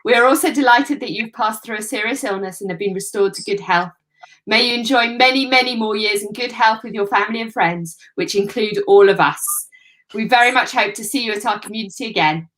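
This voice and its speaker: A woman's voice: medium pitch, fairly quick, a bit bright. A woman hosting a live video call, reading out tributes and keeping things moving.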